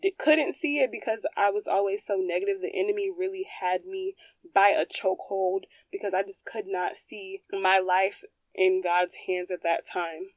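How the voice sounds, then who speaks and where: A woman's voice: medium pitch, steady tone, moderate pace, dry recording. A young woman hosting a podcast, telling a personal testimony in a candid, emphatic way. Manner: candid and emphatic, addresses listeners as y'all. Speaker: podcast host.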